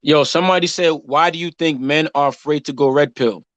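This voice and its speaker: A man's voice: fairly high pitch, brisk. A man in his thirties co-hosting a casual chat show, telling stories and acting out the people he quotes. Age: 30s. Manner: animated storytelling, acts out quotes. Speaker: podcast co-host.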